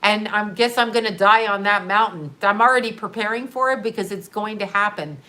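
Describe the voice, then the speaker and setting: A woman talking casually on a live stream, animated and sarcastic, often breaking into laughter. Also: mid-range voice, brisk.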